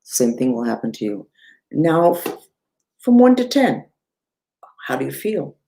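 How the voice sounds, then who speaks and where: A woman who is a spiritual teacher, explaining mantras and mudras in a casual, chatty online lesson, with self-deprecating asides and wide swoops in pitch. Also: very animated, measured pace, gravelly, warm tone.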